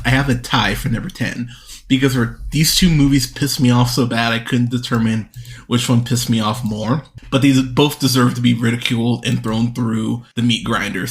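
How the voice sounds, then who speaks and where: A man's voice: medium pitch, a bit bright. A man hosting a movie podcast, ranting profanely and with exasperation about bad films, often restarting his sentences. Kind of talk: solo movie review rant.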